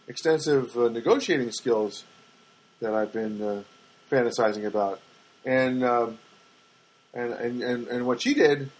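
Middle-aged podcast guy rambling thru a story, husky voice, lots of ums and uhs, pokes fun at himself. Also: mid-range voice, low-quality recording. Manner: rambling, self-deprecating, lots of fillers. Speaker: podcast host.

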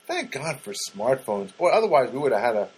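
Husky-voiced man telling a rambling story. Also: medium pitch, animated, fairly quick, a little mellow, poor audio. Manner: rambling, many fillers and restarts; chatty, addresses listeners directly. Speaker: podcast host. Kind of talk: casual storytelling monologue.

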